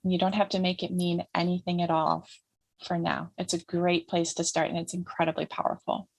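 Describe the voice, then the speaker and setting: A woman giving a calm, instructive talk about healing trauma as a guest speaker, often repeating phrases for emphasis. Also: lowish voice, moderate pace, creaky, dry recording. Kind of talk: teaching talk in an interview.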